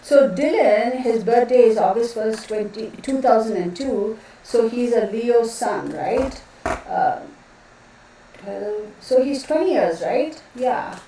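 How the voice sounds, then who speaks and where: A woman's voice: a little high, lively intonation, slow, dark tone. Woman hosting a tarot live stream, talkative and rambling, heard from across a very echoey room. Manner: chatty, rambling, greets viewers by name. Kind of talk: casual live-stream chat. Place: home room with a fan running. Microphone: distant mic, noticeable echo. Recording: very echoey room, voice far from mic, faint fan noise.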